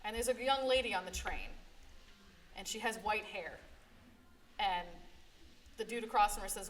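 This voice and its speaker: A woman's voice: medium pitch, moderate pace, long pauses, a bit bright. A woman librarian presenting a live convention panel, telling stories with emphatic energy and frequent "okay?" check-ins. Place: convention panel room, live before an audience. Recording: distant mic, faint room noise.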